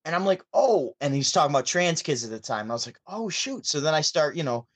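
A man from Syracuse, New York, telling stories as a podcast guest over a remote call, chatty and animated. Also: fairly high pitch, fast, dry recording. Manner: chatty, animated, with frequent restarts. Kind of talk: casual storytelling.

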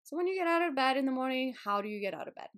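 A woman's voice: high voice, rapid-fire. Bubbly, laughing woman podcast host. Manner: bubbly and expressive, laughs often, swears casually. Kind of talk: casual wellness podcast talk.

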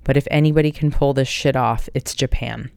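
A woman's voice: rumbling low, steady tone, fairly quick, creaky, darkish tone, no room sound. A woman hosting a casual solo podcast, reading out listener questions in a blunt, profane, upbeat way. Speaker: podcast host.

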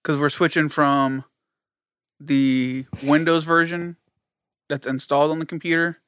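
Male co-host, quick animated storyteller, higher voice, dry room. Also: clean tone, no room sound. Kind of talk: casual chat.

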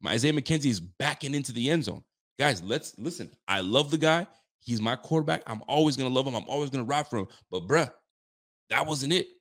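His voice is mid-range and fairly bright, with lively intonation and a slightly fast pace. As a sports fan show host on a late-night post-game livestream, he rants emphatically at low volume despite his excitement, reading viewer messages out and answering them.

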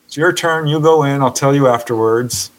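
A man voicing a mother who urges her son to see a hypnotist, a little higher than his own voice. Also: normal speed, natural voice, low-quality recording. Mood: coaxing. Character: worried mother urging her grown son.

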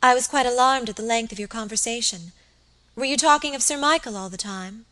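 A woman's voice: fairly high pitch, fairly quick, bright, forceful tone, voice pushed up. A woman reading the part of a pretty, anxious young lady of the house who talks eagerly.

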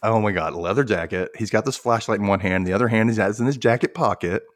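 A man's voice: fairly low pitch, fast talker, no room sound, studio quality. A man hosting a podcast, chatting casually as he recaps a TV episode and acts out characters' lines with lots of laughs. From Memphis. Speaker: podcast host.

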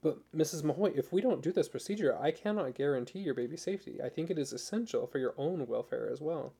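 A man's voice: a little high, animated, fast, vocal fry, dark tone, husky, exaggerated voice. A man voicing a woman surgeon who talks in a clipped, matter-of-fact way. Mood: clinical, firm. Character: brisk, blunt woman surgeon, cool and authoritative.

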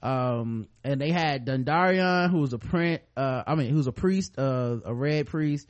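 A man's voice: mid-range voice, a little slow, highs cut off. A man hosting a podcast, recapping a show in loose, profane, storytelling chat. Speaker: podcast host.

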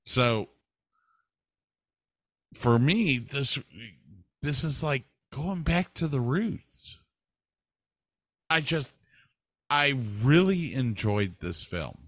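A man co-hosting a casual chat, asking his partner questions at an unhurried pace. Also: mid-range voice, sing-song, fairly bright tone, dry recording, studio quality. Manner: leads with questions, slow and drawn out.

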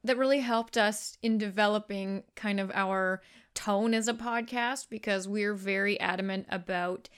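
A woman's voice: medium pitch, steady tone, normal speed, smooth. A young adult woman co-hosting a podcast in casual, self-deprecating chat. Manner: chatty, self-deprecating, laughs easily. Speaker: podcast co-host.

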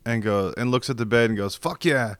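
Man with a smooth voice telling a story. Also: lowish voice, fast talker, no room sound. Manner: animated storyteller, acts out quoted voices, swears freely. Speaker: podcast guest. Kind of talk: casual storytelling chat. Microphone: video call.

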